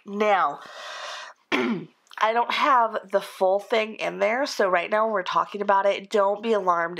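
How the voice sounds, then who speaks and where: A young woman talks casually to her viewers, hoarse from a cold that leaves her voice crackly and full of fry. She rambles and laughs at herself as she chats through her planning. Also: medium pitch, fairly bright tone. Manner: chatty, rambling and self-deprecating. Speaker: planner vlogger. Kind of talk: casual chat.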